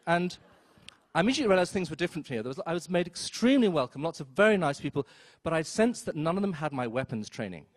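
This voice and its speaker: A man telling a story on stage at a live event, wry and self-mocking, with quick asides and acted-out quotes. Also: a little high, sing-song, no room sound. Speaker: storyteller, film critic. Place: theater stage before an audience.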